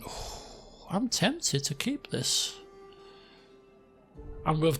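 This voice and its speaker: A man giving casual, chatty, excitable gameplay commentary as a let's play host at a desk microphone. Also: on the high side, drawn-out words, pauses often, slightly rough, faint music behind. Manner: chatty, excitable, self-mocking.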